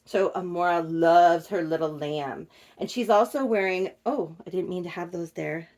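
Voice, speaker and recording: A woman's voice: on the low side, moderate pace. A middle-aged woman vlogging from her bedroom at home, telling a story in a chatty, gushing way and talking straight to her viewers. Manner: animated, gushing, addresses viewers as "you guys". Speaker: reborn doll collector vlogger.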